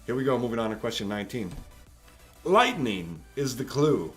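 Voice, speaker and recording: A man's voice: mid-range voice, very animated, normal speed, soft background music. A man hosting a live-streamed trivia night from home, reading questions and joking with players in a chatty, teasing way. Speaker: trivia quiz host.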